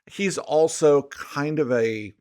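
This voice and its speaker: A man's voice: fairly high pitch, slow, a little mellow. Laid-back man co-hosting a podcast. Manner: laid-back, lots of agreeing fillers. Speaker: podcast co-host. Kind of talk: casual chat about movies.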